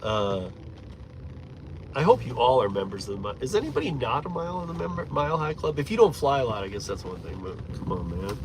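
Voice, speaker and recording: A man's voice: medium pitch, quick pace. A man from Michigan, a rideshare driver, chats loosely with his stream while driving, rambling, chuckling and swearing casually. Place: inside a moving car. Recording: steady road noise from the car.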